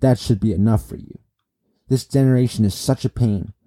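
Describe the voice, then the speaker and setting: A man reading the lines of a brutal, menacing male pirate emperor in his own dark voice, slow and low. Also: natural voice.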